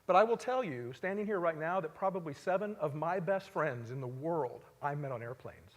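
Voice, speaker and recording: A man giving a live stage talk, telling stories conversationally and swinging between loud emphasis and quiet asides. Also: fairly high pitch, lively intonation, normal speed, highs cut off. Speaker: speaker at a live talk event. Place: large hall, on stage before an audience. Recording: long hall reverb.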